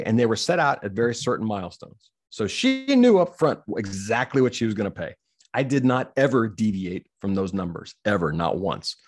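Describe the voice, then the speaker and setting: Middle-aged guy guest, husky voice, swings up and down a lot, blunt and cusses. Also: fairly low pitch. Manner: candid, blunt, swears freely. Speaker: guest, business owner. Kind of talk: conversational storytelling.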